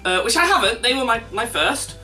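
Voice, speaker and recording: A young man recounts an awkward encounter in a casual vlog, poking fun at himself as he goes. His voice is bright and his pitch swings widely with every punchline. He sits back from the mic, and soft music plays underneath. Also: brisk. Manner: animated, self-mocking, laughs at own jokes. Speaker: vlogger. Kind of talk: casual anecdote storytelling. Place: indoors at home. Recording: distant mic with faint background music.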